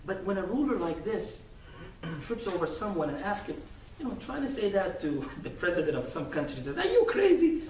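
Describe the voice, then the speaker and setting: A man's voice: sits high, animated, normal speed, a little mellow, a little hiss or hum. A man giving a Friday sermon, telling stories animatedly with acted quotes. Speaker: preacher. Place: mosque. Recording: echoey mosque hall from far off.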